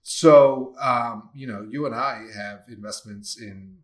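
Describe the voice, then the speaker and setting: A man's voice: mid-range voice, slow. A man co-hosting a casual podcast discussion, blunt and opinionated, swearing casually and thinking aloud in long run-on sentences. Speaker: podcast co-host.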